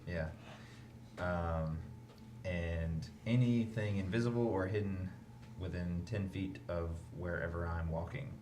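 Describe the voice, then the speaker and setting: Deep-voiced joking man player. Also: fairly even intonation, unhurried, warm tone. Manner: joking, laid-back. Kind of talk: casual chat. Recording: clear background hiss.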